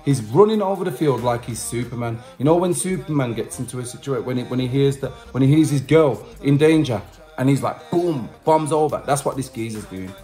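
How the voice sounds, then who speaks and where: Man, casual storytelling vlog, mid-pitched voice, faint music behind. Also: brisk, mellow. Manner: chatty and repetitive, with slang asides. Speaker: vlogger and musician.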